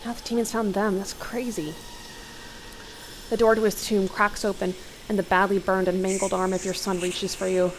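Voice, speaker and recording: A young woman reads an interactive horror novel aloud for a let's play, dramatic in tone and quick to break off with gasps and remarks. Her mid-range voice sits close on a desk mic, with a faint hiss of room noise underneath. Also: mid-range voice, flat delivery, poor audio. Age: young adult. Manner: dramatic reading broken by startled gasps and comments.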